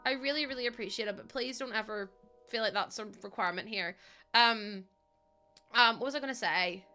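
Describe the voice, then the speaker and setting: A woman's voice: a little high, fairly quick, bright, forceful tone, faint music behind. A pregnant woman, chatting casually and telling stories while streaming a game. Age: 20s. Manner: chatty storytelling with laughs and acted-out quotes.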